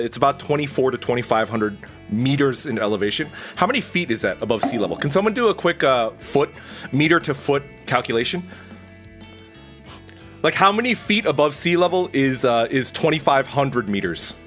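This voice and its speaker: A man's voice: medium pitch, expressive, normal speed, a bit bright, faint music behind. A man streaming as a VTuber, chatting casually with viewers in a rambling, self-deprecating way and restarting his sentences often. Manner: chats with viewers, reads out their names. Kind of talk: casual live-stream chat.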